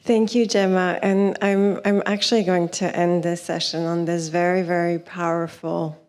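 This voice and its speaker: A woman's voice: on the low side, level tone, normal speed, darkish tone, long reverb tail. A woman chairing a panel, politely wrapping up the session and handing over to speakers. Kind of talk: moderating a panel. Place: conference hall.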